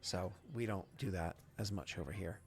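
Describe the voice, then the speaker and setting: A man's voice: sits low, moderate pace, a crowd in the background. A man narrating a tabletop game as game master, in a loose, chatty way full of fillers. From United States.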